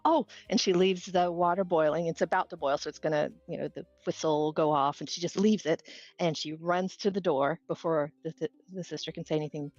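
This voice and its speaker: A woman's voice: low voice, fairly even intonation, a little fast, a little mellow, no echo, lo-fi sound. A woman player chattily describing what her character does in a tabletop game. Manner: chatty, hesitant, many fillers.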